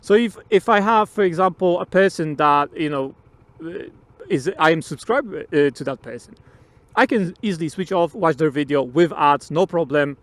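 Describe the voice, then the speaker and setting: A man's voice: fairly high pitch, lively intonation, moderate pace, dry recording. A man riding outdoors on a motorbike, giving his opinions in a rambling, casual way, swearing freely and laughing often. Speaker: motovlogger.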